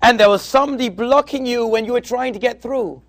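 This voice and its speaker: Speaking briskly in a very high, slightly bright voice, this man is a rabbi preaching to yeshiva students. He tells stories and performs their quoted dialogue, using Hebrew and Yiddish words along the way. There is no room sound.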